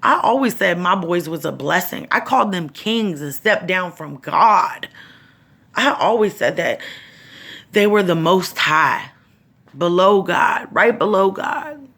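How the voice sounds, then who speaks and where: A middle-aged woman vlogs about grief, speaking from the heart in a raw, profane way while holding back tears. Her voice is on the low side, creaky and fairly bright, with lively intonation and a measured pace.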